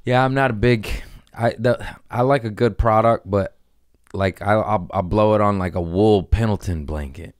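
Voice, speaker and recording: Deep, dry-sounding profane man. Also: normal speed, no echo. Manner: loose and profane, with trailing restarts. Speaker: podcast host. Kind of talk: casual chat.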